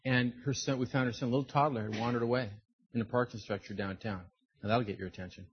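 A middle-aged man preaching a sermon, telling personal stories in an animated way and acting out the voices of the people in them. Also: medium pitch, quick pace, breathy edge, muffled recording. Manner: storytelling, animated, acts out quoted voices. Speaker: pastor.

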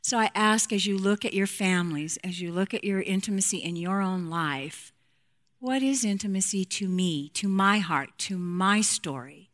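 A woman's voice: mid-range voice, moderate pace, a bit bright. A woman speaking frankly to a women's group about marriage and intimacy, playful and direct, acting out quotes from couples.

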